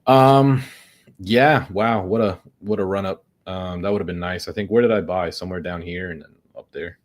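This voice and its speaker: Low-voiced sarcastic man with a headache. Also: normal speed. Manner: sarcastic, joking, mumbling asides. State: suffering a headache. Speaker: day trading streamer. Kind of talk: casual livestream commentary.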